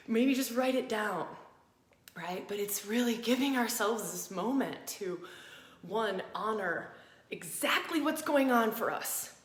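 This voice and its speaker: A woman teaching embodied astrology, guiding listeners through a practice in a gentle, inviting way and repeating phrases for emphasis. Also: fairly high pitch. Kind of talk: guided practice talk to a live audience. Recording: roomy echo.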